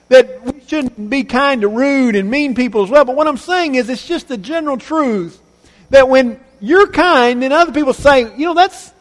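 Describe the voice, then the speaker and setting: Male preacher, high voice, earnest emphatic sermon delivery with repeated phrases and quiet endings, long church-hall reverb. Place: church sanctuary.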